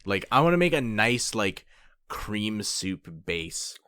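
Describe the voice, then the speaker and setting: A young man co-hosting a podcast, chatting in a relaxed way and often searching for words. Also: fairly low pitch, slow pace, clean tone, no room sound, studio quality. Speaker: podcast co-host. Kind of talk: casual chat.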